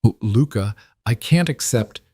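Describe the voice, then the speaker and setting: A man voicing a composed woman leaving her cheating husband, speaking in calm, clipped, resolute lines. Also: mid-range voice, measured pace, slightly rough, no room sound, studio quality.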